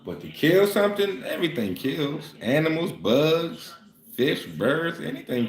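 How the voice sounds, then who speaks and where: A man's voice: a little high, sing-song, moderate pace. A man in a casual monologue, ranting in a profane, fired-up way. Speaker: vlogger. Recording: roomy echo.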